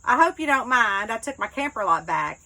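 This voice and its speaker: A woman voicing a relaxed, bearded southern man, a former sheriff, in a relaxed, offhand way in a storybook reading. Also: fairly high pitch, moderate pace, exaggerated voice, poor audio. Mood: easygoing.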